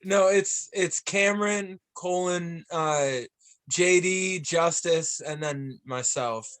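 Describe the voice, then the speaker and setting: A man's voice: sits high, slow pace, a bit bright. A young man hosting a casual podcast chat, laughing often and swearing freely as he retells stories. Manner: laughing, swearing, acts out quoted lines. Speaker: podcast host.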